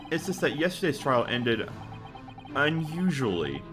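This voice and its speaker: Brief: man doing a polite, anxious young male lawyer, very animated pitch. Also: a little slow, over music. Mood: uneasy.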